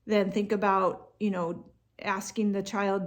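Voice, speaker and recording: A woman coaching parents in a relaxed, conversational way, with frequent fillers and restarts. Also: mid-range voice, a little slow. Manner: acts out what parents and kids say. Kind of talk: instructional talk to parents.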